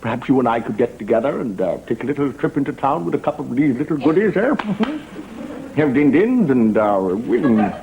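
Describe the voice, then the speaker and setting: A man doing a pompous commanding officer with a plummy drawl, tacking fussy "eh? what?" onto his lines. The voice climbs high and lively, with noise behind it. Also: brisk, phone-quality sound.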